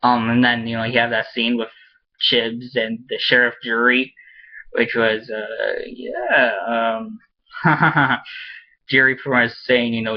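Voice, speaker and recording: A man's voice: medium pitch, fairly even intonation. Rambling man with a dull lo-fi sound. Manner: rambling and halting, with many restarts; enthusiastic fan, laughs often. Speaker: TV episode reviewer. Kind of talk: casual spoken review. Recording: dull lo-fi recording.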